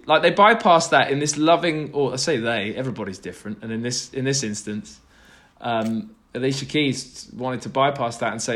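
A man's voice: mid-range voice, normal speed, a bit bright. A young man, a podcast guest, telling stories in a rambling, self-deprecating way with lots of restarts. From Britain. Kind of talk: casual chat.

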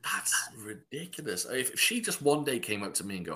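A man's voice: fairly low pitch, big pitch swings, brisk, few pauses, heavy background noise. A man co-hosting a podcast in casual chat, joking around and laughing easily. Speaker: podcast co-host.

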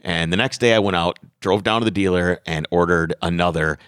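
A middle-aged man with a low voice co-hosts a car podcast, close and dry on the mic. He tells his stories with animated energy and slips into imitations of the people in them. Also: a little fast, clear, resonant tone, dry recording. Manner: animated storytelling, mimics people. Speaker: podcast co-host. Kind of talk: casual car chat.

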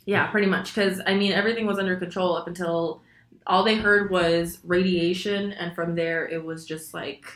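A woman's voice: lowish voice, fairly even intonation, moderate pace. Rambling young woman, echoey room. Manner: many ums and likes, rambling. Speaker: student. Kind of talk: casual chat.

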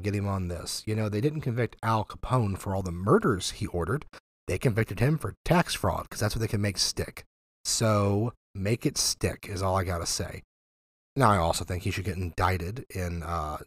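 Podcast host, male, low voice, dry close sound; sarcastic ranter who gets heated. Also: no room sound. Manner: sarcastic, heated, swearing, lots of fillers. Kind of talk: ranting political commentary.

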